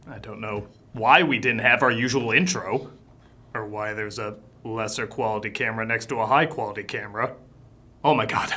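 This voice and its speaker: A man as a bright, sarcastic film critic host. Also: lowish voice, normal speed, husky. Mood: exasperated. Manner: sarcastic, exasperated, outbursts of yelling. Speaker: film review show host. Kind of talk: comedy sketch and review narration.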